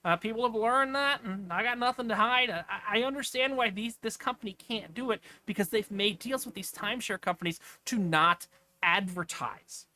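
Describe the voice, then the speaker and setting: A man's voice: sits high, normal speed, pushed and bright. A man giving casual, off-the-cuff commentary as he clicks through travel listings, rambling with asides. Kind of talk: casual screen-share commentary.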